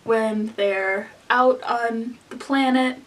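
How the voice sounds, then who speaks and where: A woman's voice: fairly high pitch, steady tone, extremely slow, a bit bright, recorded from a distance. A young woman, a book vlogger, chatting casually to the camera in a gushing, rambling way full of "like" fillers.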